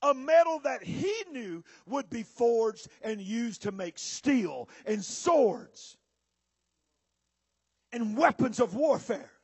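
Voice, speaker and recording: A man preaches a sermon, rising into shouts and slowing down to press his points. His voice sits very high and sounds husky. It swings widely in pitch, and the sound is close and dry. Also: expressive, dry recording. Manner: preaching with shouts and drawn-out emphasis. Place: church or conference hall with audience.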